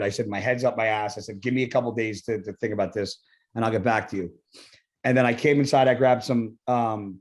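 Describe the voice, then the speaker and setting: A middle-aged man, a retired pro bodybuilder, telling his story as a podcast guest in a blunt, profane, casual way, acting out what he and others said. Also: mid-range voice. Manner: blunt, profane, acts out his own quoted lines.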